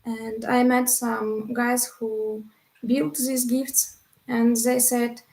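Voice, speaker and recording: A woman from Ukraine, a volunteer guest speaking halting English on a video call as she searches for words. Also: fairly high pitch, flat delivery, a little mellow, echoey room, poor audio. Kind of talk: casual video-call chat.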